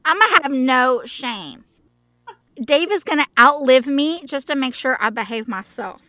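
A woman's voice: high-pitched, lively intonation, a little slow, sharp tone, no room sound. A woman co-hosting a podcast, chatting casually and playfully, often joking and slipping into silly voices. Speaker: podcast co-host. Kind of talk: casual chat.

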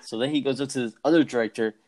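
A man's voice: mid-range voice, a little mellow. A young man co-hosting a podcast, telling a casual story full of swearing and acted-out quotes. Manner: fast, profane, acts out quoted voices. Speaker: podcast co-host.

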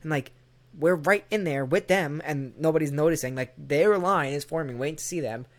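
A man's voice: on the high side, a little fast. A man casually telling a long, rambling, profane story in a chat, acting out the people he quotes.

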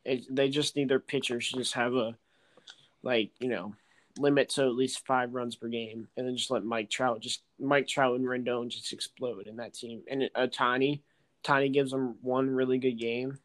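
A man chats about baseball in a loose, rambling way, full of fillers, and gets easily excited. His voice sits at an ordinary middle pitch. He sounds unscripted and relaxed in a casual talk. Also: normal speed. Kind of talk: casual sports chat while playing a video game.

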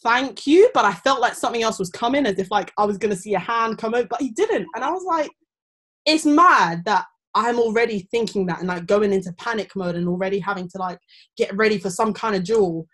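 A young woman, chatting casually and telling stories, often acting out other people's voices. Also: fairly quick. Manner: animated storytelling, acting out quoted people in high voices. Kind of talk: casual chat.

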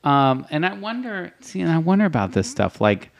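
A man co-hosting a podcast in casual chat, chiming in with quick reactions and asides. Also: a little high, sing-song, creaky. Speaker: podcast co-host.

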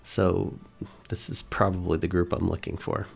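A man's voice: sits low, flat delivery, normal speed, gravelly, soft background music. A man playing a tabletop role-playing game, thinking aloud as he plans his character's moves. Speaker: player.

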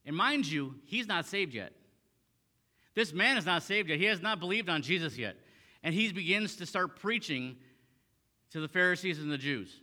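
A man's voice: sits high, lively intonation, normal speed, sharp tone, long reverb tail. A man preaching a sermon as a pastor, reading scripture aloud and then restating it in plain talk with frequent fillers and repeated phrases. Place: church sanctuary.

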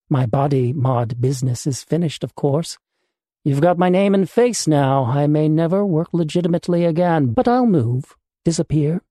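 A man voicing a calm, calculating male black-market doctor in a storybook reading, with a fairly high but mellow voice. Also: dry recording, clean studio sound, natural voice. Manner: calm, calculating, matter-of-fact.

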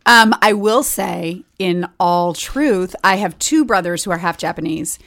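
A woman guest on a comedy podcast, telling anecdotes in a wry, animated way. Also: lowish voice, unhurried. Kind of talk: comedic storytelling.

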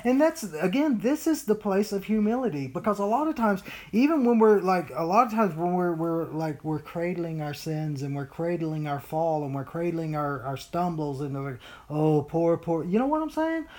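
A Bible study leader teaching informally to a small group, animated, often acting out whiny voices, with many fillers and restarts. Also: medium pitch, normal speed, hardly any pauses.

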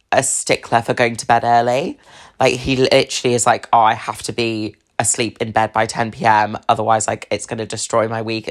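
A young British woman hosting a podcast, telling a dating story in a chatty, swear-filled way with lots of fillers and laughs. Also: very deep voice. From England. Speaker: podcast host. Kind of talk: casual storytelling about dating.

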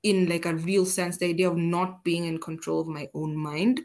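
A young adult woman from Kenya, a podcast guest telling personal stories in a lively, self-deprecating way. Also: fairly low pitch, normal speed. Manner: animated, self-deprecating, acts out quotes. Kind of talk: casual conversational storytelling.

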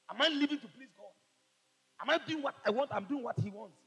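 A man preaching a fervent sermon, rising to shouts. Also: extremely high pitch, animated, a little fast, creaky, in a large hall, faint music behind, poor audio. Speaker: pastor.

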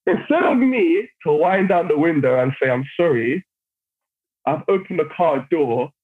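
A man telling a story on a podcast in a casual, animated way. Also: a little high, moderate pace, husky. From London, England. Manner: animated, acts out other people's lines while telling stories. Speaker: podcast guest. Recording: phone-like narrow sound.

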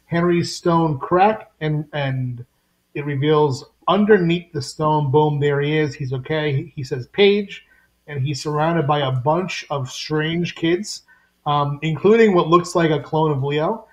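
A man's voice: on the high side, a little slow, dull audio. A man hosting a podcast, recapping a comic issue in casual chat and acting out the characters' lines as he goes. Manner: animated retelling with voiced quotes. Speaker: podcast host.

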